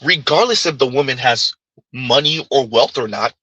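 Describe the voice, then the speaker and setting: A man hosting his own commentary channel, talking in an animated, emphatic way and repeating his points as he reacts to a clip. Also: medium pitch, moderate pace, husky, no echo, dull audio.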